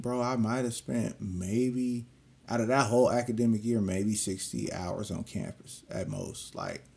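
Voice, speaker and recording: A young man with a low, gravelly voice tells a long personal story in casual street slang. He curses freely and acts out the voices of the people in it. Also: a little mellow. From California.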